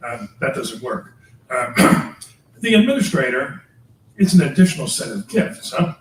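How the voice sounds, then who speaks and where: An older man, a priest, lecturing teachers in a chatty way, chuckling often and tagging his points with quick questions to the room. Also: medium pitch, big pitch swings, a little hiss or hum. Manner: chatty, chuckling, tags remarks with "all right?". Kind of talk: lecture with personal anecdotes. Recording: echoey room, mic far off.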